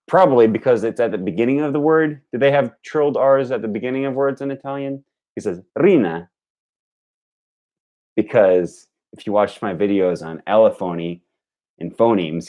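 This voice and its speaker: Low, mellow young man repeating phrases. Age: young adult. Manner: repeats phrases aloud, analytical about sounds. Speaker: language learner streaming his study. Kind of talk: live-stream study session, thinking aloud.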